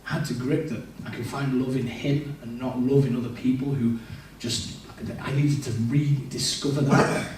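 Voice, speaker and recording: A man's voice: medium pitch, flat delivery, moderate pace, few pauses, darkish tone, a little hiss or hum. A man giving a personal testimony in church, talking in an earnest, reflective way. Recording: echoey church room, mic at a distance.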